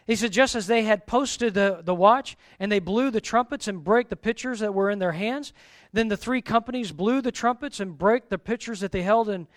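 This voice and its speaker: A male pastor preaching a sermon, animated, acting out the lines of the Bible's figures. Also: high-pitched, dry recording, clean studio sound.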